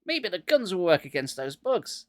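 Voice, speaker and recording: A man's voice: high voice, big pitch swings, moderate pace, no echo. A man doing a panicky young boy. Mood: alarmed. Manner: cries out in alarm.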